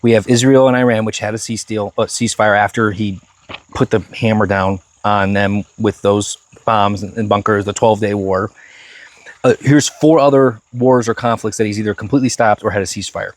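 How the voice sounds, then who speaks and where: A man's voice: fairly low pitch, steady tone, a little fast. A man co-hosting a casual current-events podcast, talking emphatically and often restarting and repeating his words. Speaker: podcast co-host.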